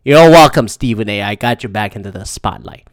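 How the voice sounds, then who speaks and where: A man's voice: on the low side, steady tone, a little fast, creaky. A man from Philadelphia hosting a solo podcast, ranting profanely and animatedly and laughing between thoughts. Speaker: podcast host.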